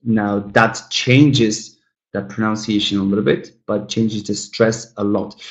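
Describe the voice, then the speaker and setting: A man teaching an online English lesson, modelling words slowly and clearly, encouraging and playful with his students. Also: lowish voice, echoey room, lo-fi sound.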